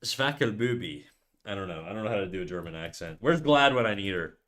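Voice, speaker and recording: Low-voiced, expressive, and fast-talking, a Canadian male streamer rambles through a casual livestream while he draws. He chats with his viewers but keeps dropping into quiet muttering as he works.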